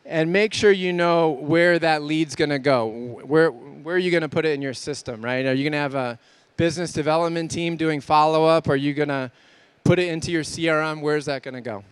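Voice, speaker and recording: Man, conference speaker, punchy rhetorical questions, fairly high voice, crisp. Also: steady tone, a little fast, no echo. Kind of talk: conference talk.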